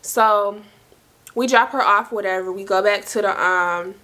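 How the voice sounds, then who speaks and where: This storytime vlogger, a young woman from South Carolina, has a medium-pitched voice and talks a little slowly. Animated and slangy, she recounts a personal story to viewers with plenty of "like" and "y'all."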